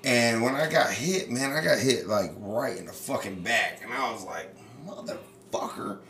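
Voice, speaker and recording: A man hosting a casual chat, telling baseball stories with lots of swearing and animated energy. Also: medium pitch, moderate pace, reverberant, a little hiss or hum. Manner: profane, animated storyteller. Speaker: podcast host.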